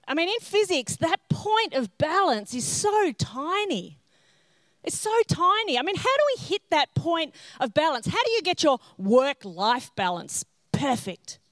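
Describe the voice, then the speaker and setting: A woman's voice: sits high, no room sound. A middle-aged woman preaching a sermon, telling self-mocking stories and acting out the scenes. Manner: self-mocking humorous storytelling; animated, acts out scenes in character. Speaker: pastor.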